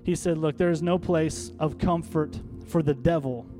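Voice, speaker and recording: A man preaching with a mellow, somewhat high voice. He leads the congregation through call-and-response and climbs to emphatic, rallying peaks. Faint music plays beneath the sermon. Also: steady tone, normal speed. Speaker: pastor.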